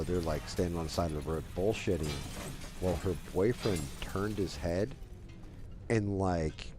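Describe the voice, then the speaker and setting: With a low, warm voice, a man in his forties chats through a long, meandering story during his game stream. He's loose and leans heavily on "like" fillers, with a bit of hiss or hum audible.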